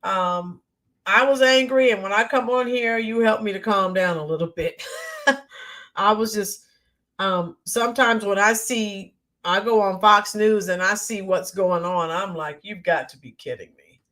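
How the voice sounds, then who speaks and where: A woman hosting a casual livestream, greeting viewers by name and talking with frequent ums and pauses. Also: mid-range voice, a bit bright. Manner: talks to viewers by name, halting with many ums. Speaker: livestream host reading chat.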